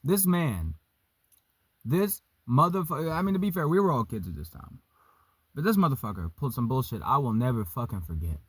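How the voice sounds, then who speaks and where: A man's voice: medium pitch, big pitch swings, fairly quick, slightly rough, no room sound, clean studio sound. Profane young man telling a story. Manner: vaping while talking. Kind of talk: casual storytime monologue.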